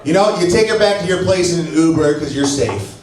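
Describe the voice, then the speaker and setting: A brash, foul-mouthed stand-up man works the crowd with a slightly high voice. He sounds set back from the mic in a very echoey club. A laughing audience fills the room behind him. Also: expressive, brisk, a little mellow, far from the mic. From St. Louis, Missouri. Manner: brash, profane, teasing the audience. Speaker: stand-up comedian. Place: comedy club stage before a laughing crowd. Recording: echoey club recording, mic heard from afar.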